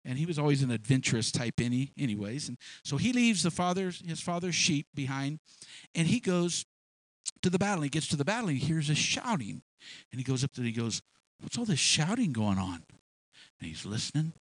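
A male preacher giving a sermon, retelling a story in an animated way with many restarts and repeated words. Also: on the high side, brisk, no room sound.

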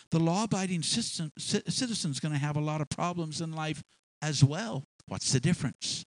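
A man's voice: a little high, expressive, normal speed, no room sound, poor audio. A man preaching a sermon in a storytelling way, drawing out key words for emphasis and often restarting his phrases.

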